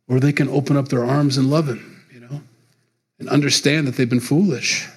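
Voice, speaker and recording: A man's voice: a little high, brisk, breathy edge. A middle-aged man preaching a sermon as pastor, talking in a loose, conversational way and chuckling between points.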